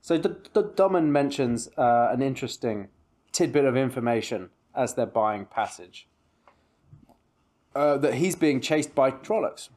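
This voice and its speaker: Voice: medium pitch, lively intonation, measured pace, a little mellow. Giggly book podcast co-host. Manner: laughs often, says "like" and "yeah" a lot. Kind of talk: casual book-discussion chat.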